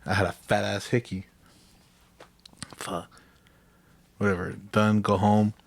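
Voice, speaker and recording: A man's voice: fairly low pitch, flat delivery, slow, creaky. Laughing young man. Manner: profane, laughing storyteller. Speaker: podcast co-host. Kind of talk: casual chat.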